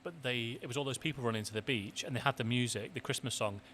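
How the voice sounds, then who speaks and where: A male podcast host chats over afternoon tea in a restaurant, friendly and full of quick-fire questions. He talks fast in a bright, forward voice. A faint hum of noise sits behind him. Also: mid-range voice. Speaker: podcast host, marketing director. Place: restaurant in the city.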